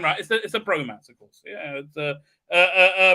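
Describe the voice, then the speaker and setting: A man's voice: high voice, a little fast, bright, forceful tone. A man hosting a live stream, recapping an episode in a sarcastic, profane way with many hesitant fillers.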